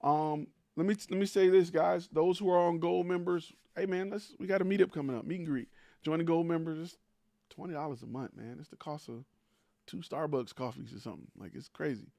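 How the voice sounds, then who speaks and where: Host, male, slightly high voice, blunt and teasing, dry close mic. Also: brisk, vocal fry, dark tone, no echo. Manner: blunt, teasing, rhetorical questions. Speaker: host of a live stream for creators. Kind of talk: blunt motivational talk.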